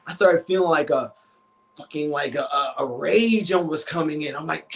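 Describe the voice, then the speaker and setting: A man, a relationship coach, telling a story on a live stream in a casual, animated, profane way. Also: on the high side, normal speed, low-quality recording. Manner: animated, profane, acts out voices in his story.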